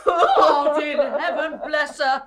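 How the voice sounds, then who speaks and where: A fussy old nurse. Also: female voice, high voice, steady tone, takes it slowly, over a noisy crowd. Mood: protesting. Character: older female nurse, fussy and protective. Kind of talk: 1970s radio drama acting.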